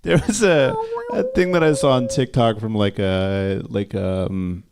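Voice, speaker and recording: A man's voice: lowish voice, measured pace, background noise. A man co-hosting a music stream, chatting casually and laughing often. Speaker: co-host. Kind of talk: casual chat.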